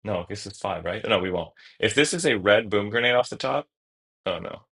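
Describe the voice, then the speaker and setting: A man streaming a card game, talking through each move out loud in a casual, self-correcting way. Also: on the low side, expressive, normal speed, low-quality recording. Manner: thinks aloud through each move, casual, trailing restarts. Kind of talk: live-stream gameplay commentary.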